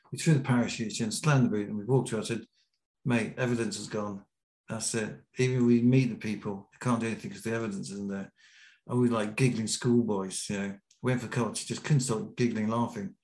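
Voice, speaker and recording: A man's voice: mid-range voice, brisk. British man telling a wild story, roomy. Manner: lively anecdote teller, acting out quotes. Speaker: podcast guest, BASE jumper. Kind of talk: storytelling in an interview. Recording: roomy echo.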